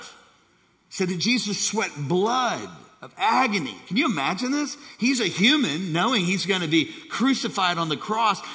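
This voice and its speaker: A pastor preaches in a high, bright and forceful voice, swinging between hushed asides and excited bursts as he calls on the congregation. His sermon rings out with a long reverb from a large church hall.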